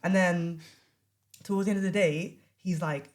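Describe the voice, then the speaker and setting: A woman telling a podcast host an animated story and acting out the quotes. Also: fairly low pitch, normal speed. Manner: animated, acts out quotes, laughs often. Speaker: podcast guest. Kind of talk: casual storytelling chat.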